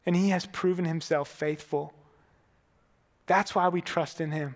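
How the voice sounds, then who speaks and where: A man delivers a sermon in a relaxed, chatty way, like he is talking with friends. His voice sits high for a man. A long reverb trails behind each phrase, as in a large hall. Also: a little slow. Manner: casual and conversational, with fillers like "man". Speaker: preacher.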